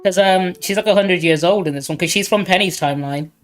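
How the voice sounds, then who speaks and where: A woman's voice: fairly low pitch, quick pace, faint music behind. A woman hosting a casual gaming stream, joking and steering through a tier list.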